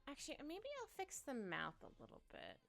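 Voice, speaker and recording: This woman streamer talks and hums to herself while drawing live, with faint music behind her. Her voice sits high, swoops wildly in pitch, and comes out a little fast, gravelly, bright, and forceful.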